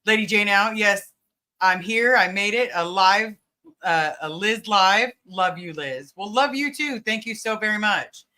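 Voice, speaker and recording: A woman's voice: medium pitch, a little slow, bright, forceful tone. A woman hosting a casual livestream, greeting viewers by name and talking with many fillers. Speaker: livestream host.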